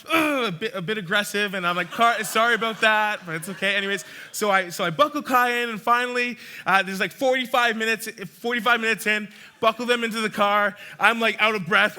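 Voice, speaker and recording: A young man with a high, very bright voice tells a story from the front of a church. He is animated and chatty, often restarting his sentences and breaking into laughter. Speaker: church speaker.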